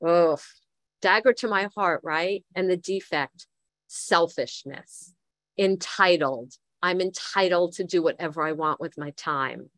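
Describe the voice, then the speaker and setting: A woman's voice: on the low side, measured pace, a bit bright, no room sound. A middle-aged woman giving a candid, reflective recovery talk, thinking aloud and poking fun at herself. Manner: candid, self-deprecating, thinks aloud with fillers. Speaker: twelve-step recovery speaker.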